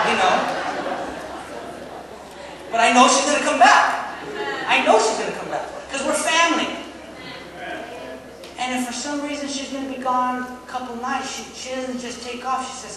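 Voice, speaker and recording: A man's voice: extremely high pitch, moderate pace, pauses often, a crowd in the background, noisy background. Man preaching in an echoey church. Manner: lively, joking preaching with audience call-and-response. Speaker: pastor. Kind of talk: sermon. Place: church sanctuary. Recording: echoey hall, mic far off.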